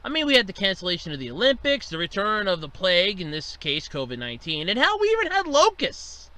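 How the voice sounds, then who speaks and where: A man's voice: high-pitched, wildly swooping pitch, quick pace, pushed and bright. A man hosting a comedic rant series, exasperated and profane, complaining with mock outrage.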